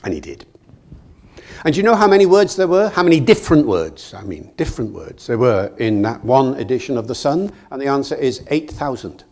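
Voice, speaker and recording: An older man from Britain delivers a public lecture in a hall. His pitch sits in a middle range, and his delivery stays lively and self-mocking, with anecdotes and a ready chuckle. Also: a little fast. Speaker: guest lecturer.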